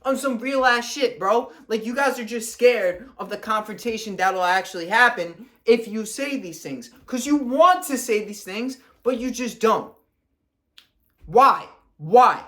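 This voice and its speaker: A man's voice: very high-pitched, expressive, normal speed, hardly any pauses, fairly bright tone. A young man, a fitness coach, ranting to camera in a blunt, profane, confrontational way.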